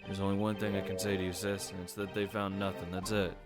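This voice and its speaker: A man's voice: sits low, little pitch movement, quick pace, loud music behind the voice, lightly acted. A man voicing a brusque, cocky male agent in a game, speaking bluntly.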